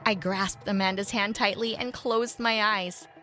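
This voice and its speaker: A woman narrating a first-person story in an animated way, acting out the characters' lines. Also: mid-range voice, unhurried. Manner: animated, voices characters in quotes. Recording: soft music behind.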